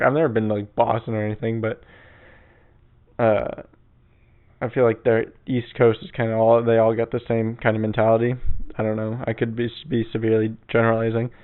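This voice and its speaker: A young man hosting a casual solo podcast from his bedroom on an old mic, rambling, crude and laid-back. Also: mid-range voice. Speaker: podcast host. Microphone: old mic on a stand. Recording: tinny phone-like sound.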